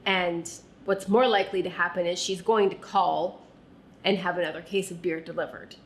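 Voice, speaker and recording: A woman speaking to the listener as "you" about her own past. She talks earnestly and softly and often drops to a quiet tone. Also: fairly low pitch, steady tone. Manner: earnest, soft and unhurried, often dropping quiet. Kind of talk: reflective second-person personal narration.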